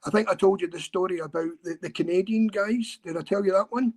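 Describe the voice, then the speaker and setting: A man from Scotland, a guest on a podcast interview, telling his story earnestly with many halting repeats and restarts. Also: high voice, a little mellow.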